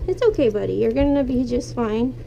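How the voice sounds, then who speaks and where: A woman vlogging while she cleans pet cages, talking gently and soothingly to her animals. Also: a little high, expressive, fairly quick, creaky, noisy background. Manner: soothing, talks softly to animals. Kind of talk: casual talk to pets while cleaning cages. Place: indoor room with pet cages.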